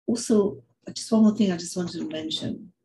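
An older woman giving a heartfelt personal talk, telling stories in an earnest, animated way and often repeating words. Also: on the low side, moderate pace, reverberant, a little hiss or hum, low-quality recording. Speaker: speaker sharing reflections.

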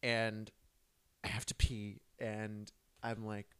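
A man's voice: fairly low pitch, monotone, takes it slowly, sharp tone, clear, resonant tone, dry recording. A young man co-hosting a podcast, telling a long, profane story with lots of quoted dialogue in casual chat. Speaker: podcast co-host. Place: New York City.

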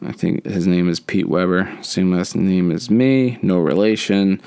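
A man's voice: deep voice, fairly even intonation, a little slow, vocal fry, darkish tone, clear, resonant tone, dry recording. A man in his thirties hosting a solo podcast, chatting in a rambling, easygoing way with many fillers. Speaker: podcast host. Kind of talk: casual solo podcast chat.

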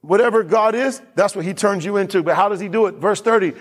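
A male pastor delivering a sermon to his church, pressing each point home by repeating it. His voice sits somewhat high for a man, and he moves between plain talk and reading scripture aloud. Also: quick pace. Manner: emphatic preacher, repeats lines, reads scripture aloud.

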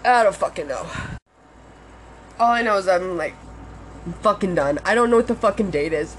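A woman's voice: mid-range voice, animated, normal speed, slight background noise. A young woman hosting a podcast, venting in a rambling, profane way and sounding upset, close to tears at times. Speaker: podcast host. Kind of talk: casual venting monologue.

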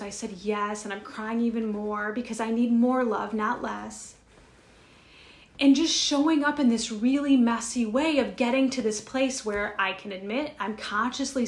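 A woman with a slightly high voice and a roomy sound co-hosts a spiritual podcast. She tells a personal story earnestly but rambles, restarting often.

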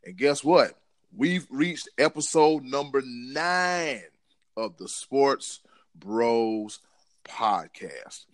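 Male podcast host, lively pitch, dry close sound, slangy and hyped. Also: extremely slow, dry recording. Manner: hype, slangy, self-mocking. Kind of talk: casual sports banter.

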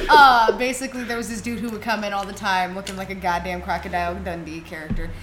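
A woman's voice: mid-range voice, fairly even intonation, a little fast, reverberant, noisy background. A woman co-hosting a podcast in casual chat, profane and emphatic, laughing often. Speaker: podcast co-host.

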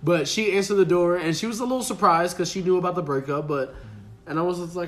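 A man's voice: sits high, a little fast. A man on a casual podcast, telling a story with lots of laughter and acted-out quotes. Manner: animated, laughs often, acts out quotes. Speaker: podcast guest.

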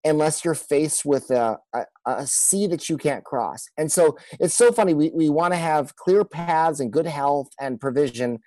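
Earnest pastor, dry close sound. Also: male voice, a little high, lively intonation, mellow, no echo, low-quality recording. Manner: earnest, halting, many restarts. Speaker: pastor, guest. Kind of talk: personal storytelling in a podcast interview.

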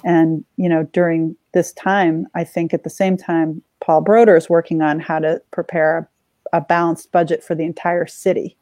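A woman's voice: fairly low pitch, level tone, moderate pace, warm tone, dry recording. A woman on the school committee explaining a budget process in a casual discussion, with dry sarcastic asides.

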